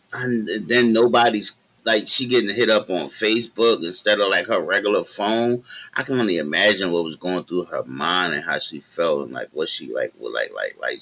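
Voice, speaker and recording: Low-voiced man reacting to a story. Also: fairly bright tone, rough recording. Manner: speaks to his viewers in slang, trailing off into low sighs. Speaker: streamer reacting to a clip. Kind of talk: casual reaction commentary.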